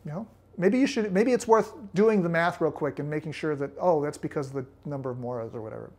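A man's voice: fairly high pitch, fast, a little mellow. A man hosting a video on Latin poetry, explaining casually as he thinks aloud, with frequent restarts and direct, friendly address to viewers. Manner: thinking aloud, many restarts while working through the arithmetic. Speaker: Latin teacher and video host.

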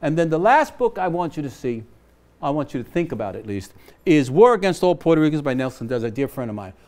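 A man's voice: fairly high pitch, big pitch swings, fast, darkish tone. A man in his seventies, a guest on a studio talk show, speaking passionately and urging listeners directly. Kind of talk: passionate conversation. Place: television studio.

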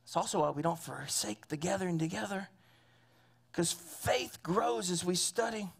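A man's voice: sits high, normal speed, gravelly, slightly rough. A man preaching a sermon as pastor to his church congregation, earnest and at times building to emphatic fervor. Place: church sanctuary.

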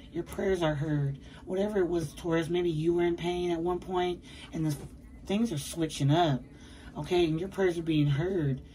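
Low-voiced woman giving a chatty tarot reading. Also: mellow, slight background noise, rough recording. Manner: chatty, slangy, emphatic, addresses viewers as baby. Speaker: tarot reader. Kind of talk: casual tarot reading to camera. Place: bedroom at home.

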